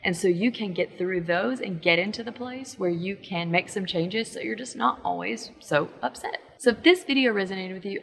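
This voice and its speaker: Gravelly-voiced woman giving emphatic parenting advice. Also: mid-range voice, big-room sound. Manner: encouraging, emphatic, quotes inner thoughts. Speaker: parent coach. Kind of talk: casual advice to camera.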